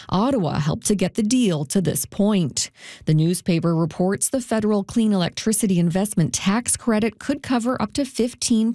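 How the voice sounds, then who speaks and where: Female correspondent, warm low brightness, steady scripted read. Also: no echo, clean studio sound. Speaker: news reporter. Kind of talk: scripted news report.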